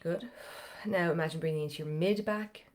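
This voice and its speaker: A woman's voice: fairly low pitch, brisk, a little mellow. A woman, a vocal coach leading a live online singing lesson in a chatty, encouraging way, her voice slightly strained today. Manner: chatty, encouraging, gives step-by-step cues.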